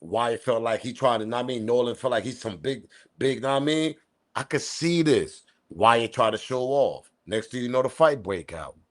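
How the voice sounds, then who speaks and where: A man hosting a commentary channel, talking in a casual, slangy, animated way and repeating his points. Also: mid-range voice, moderate pace. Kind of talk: casual commentary on audio clip.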